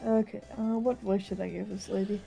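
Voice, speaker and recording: A woman's voice: medium pitch, fairly even intonation, fairly quick, creaky, dark tone, faint music behind. A woman chatting casually and crudely with a friend while they play a game together, joking and swearing a lot.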